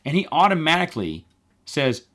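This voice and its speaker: A middle-aged man hosting a podcast, telling work stories in a casual, animated way with wry, exasperated asides, acting out the people he quotes. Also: a little high, moderate pace. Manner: animated, acts out quoted people in changed voices. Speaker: podcast host. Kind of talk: casual storytelling monologue.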